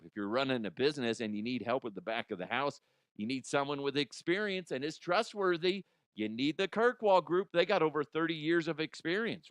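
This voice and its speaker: A man's voice: medium pitch, a bit bright, no echo, studio quality. A man hosting a comedy podcast, rambling casually and laughing at his own jokes. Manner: rambling, giggly, self-deprecating. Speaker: podcast host.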